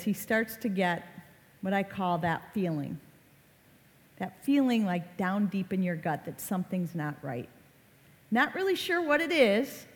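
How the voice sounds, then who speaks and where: A middle-aged woman giving a public talk about social media safety, telling a story in a conversational, dramatic way with fillers. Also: medium pitch. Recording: long hall reverb.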